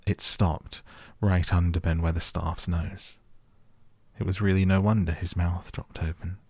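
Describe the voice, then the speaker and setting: A man reads a storybook aloud as a calm bedtime audiobook. His voice is very low, gravelly and husky, with an even, flat delivery, recorded close and dry. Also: no room sound. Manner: calm, gentle, measured. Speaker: audiobook narrator. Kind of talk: soft bedtime audiobook reading.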